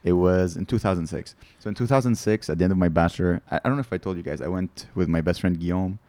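Deep-voiced comedian guy, laughs a lot, dry studio sound. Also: fast talker, dry recording. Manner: animated, laughs often, acts out quotes. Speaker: guest comedian. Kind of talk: casual chat. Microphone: studio mic.

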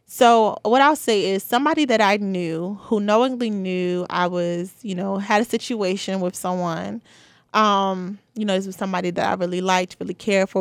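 A woman's voice: mid-range voice, smooth, no echo. Young woman, casual podcast chat, candid, filler-heavy, dry close mic. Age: 20s. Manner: chatty, candid, many "you know" and "like" fillers. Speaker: podcast host. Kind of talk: casual solo podcast talk.

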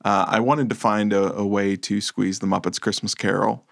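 Gravelly laid-back male podcast host. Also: fairly low pitch, steady tone, normal speed, fairly bright tone, no room sound, studio quality. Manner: laid-back, rambling, self-deprecating. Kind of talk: casual movie podcast chat.

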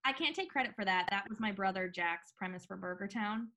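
A woman co-hosting a casual recap podcast. She talks in a loose, animated way, full of fillers and asides, in a voice of middle pitch. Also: a little fast. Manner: chatty, animated, lots of fillers. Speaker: podcast co-host.

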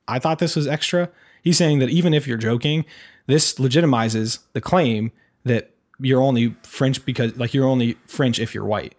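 A man's voice: medium pitch, moderate pace. A man hosting a casual chat, rambling with many fillers and restarts as he reacts to clips. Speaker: podcast host reacting to clips.

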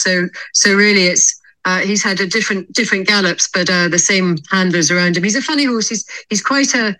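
A woman racehorse trainer being interviewed on a podcast, explaining her plans in a thoughtful, measured way. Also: medium pitch, bright, forceful tone, low-quality recording.

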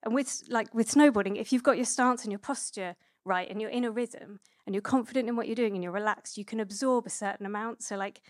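A woman in her thirties preaches in an easy, chatty way, full of little fillers and restarts. Her voice sits at an ordinary middle pitch. The sound is dry and close, with no room echo. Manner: chatty and relaxed, with many fillers and self-corrections. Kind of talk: conversational sermon.

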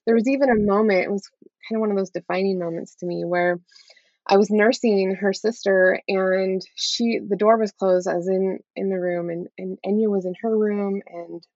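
The recording is dull, dry and lo-fi with no room sound, as a thirties-aged woman candidly recounts a personal story during an interview, often ending with "right?". She has a medium-pitched, steady, slightly mellow voice at a normal speed.

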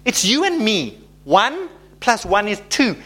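A panicked young servant pleads in a bewildered, high voice, as a preacher puts him on. He cannot believe they are outnumbered. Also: very animated, slow, a bit bright, full character voice. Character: frightened young male servant, anxious.

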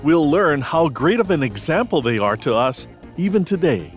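A man's voice: fairly high pitch, very animated, normal speed. A man reading a scripted podcast introduction in an upbeat way. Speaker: podcast announcer. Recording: music bed underneath.

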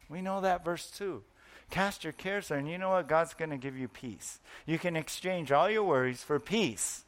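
Earnest preacher man, slightly high voice. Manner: earnest, repeats words, drawn-out emphasis. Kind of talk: sermon.

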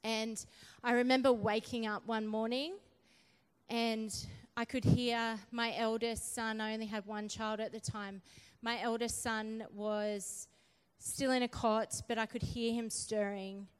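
A woman preaching a sermon and telling her testimony, speaking quietly and subdued through the story, then rising to forceful exhortation. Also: fairly high pitch, flat delivery, measured pace, smooth, in a large hall.

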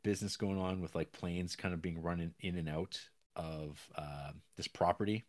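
A man's voice: sits low, fairly even intonation, moderate pace, a little mellow. A man co-hosting a podcast, casually recapping a film in a rambling way and acting out lines. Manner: rambling recaps with acted-out quotes and laughs. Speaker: podcast co-host.

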